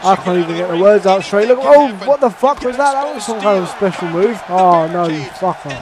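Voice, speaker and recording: A man commenting on his own wrestling game play, swearing and reacting loudly to every move. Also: high-pitched, lively intonation, a little fast, crowd noise. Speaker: gamer playing a wrestling game. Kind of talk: excited let's-play commentary.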